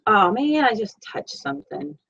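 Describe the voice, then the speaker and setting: A woman's voice: sits high, wildly swooping pitch, measured pace, gravelly, fairly bright tone, highs cut off. A woman with a Southern Florida accent, teaching a live-streamed sewing tutorial from home in a chatty, rambling, self-deprecating way. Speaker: sewing instructor. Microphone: computer mic.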